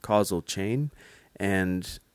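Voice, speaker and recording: Deep-voiced earnest man, dry sound. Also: very slow, clean tone, dry recording. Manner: earnest, explanatory, many restarts. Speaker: mental health clinician guest. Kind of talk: casual podcast chat.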